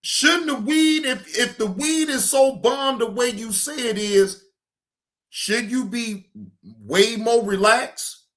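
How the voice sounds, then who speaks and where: A man's voice: extremely high pitch, slow, a bit bright. A middle-aged man hosting a stream, ranting casually in a drawling, profane, emphatic way. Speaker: streamer host. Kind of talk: casual live-stream rant.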